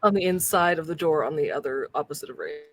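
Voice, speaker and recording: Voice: medium pitch, fast talker, no echo. A player in a tabletop game explaining their character's actions casually, in long run-on sentences. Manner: casual, explains plans in a rush of clauses.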